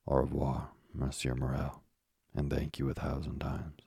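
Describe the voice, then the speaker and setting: Man doing earnest young sailor, very husky, dry close sound. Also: very deep voice, completely flat delivery, normal speed, warm tone, no echo, full character voice. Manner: respectful, formal.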